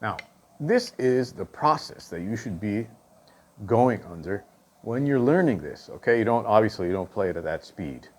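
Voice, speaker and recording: Low-voiced man teaching drum technique. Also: big pitch swings, moderate pace. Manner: patient, checks in with "okay?" after each point; counts and calls out stickings aloud. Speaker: drum instructor. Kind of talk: instructional explanation.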